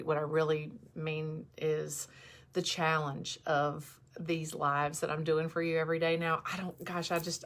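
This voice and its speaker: A woman in her forties talking candidly to viewers on a livestream, emotional and close to tears, halting and restarting. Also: low voice, fairly bright tone. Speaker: host. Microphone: camera in front of her.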